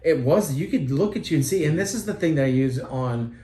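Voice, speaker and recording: A man's voice: a little high, expressive, fairly quick, mellow. Earnest rambling man in roomy echo. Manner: earnest, rambling, with many restarts. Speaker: podcast co-host, parent. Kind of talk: casual podcast chat.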